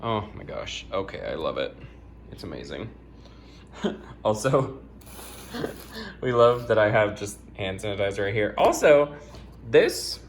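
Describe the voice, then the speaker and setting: A bubbly young man chats his way through making coffee in his home kitchen. He pokes fun at himself and laughs a lot, and his voice swings up and down with a lively pitch. Faint room noise sits under the camera mic. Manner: bubbly, self-mocking, laughs often. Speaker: vlogger. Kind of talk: casual kitchen vlog.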